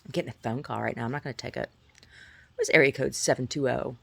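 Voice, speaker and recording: A woman vlogger talking in a rambling, chatty way, often asking "right?" and at times jumping up into a high squeaky pitch. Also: fast talker, gravelly, a bit bright. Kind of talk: casual rambling monologue.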